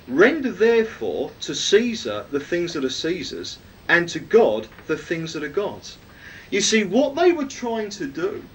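Male preacher, lively pitch, fairly high voice, emphatic Bible teaching with rhetorical questions. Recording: distant mic, faint rumble.

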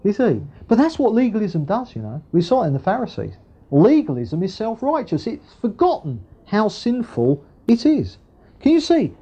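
A man's voice: high voice, huge pitch swings, normal speed, mellow, breathy edge. A man preaching a sermon and reading scripture aloud. He talks in a conversational way, with frequent asides and tag questions. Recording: dull lo-fi recording.

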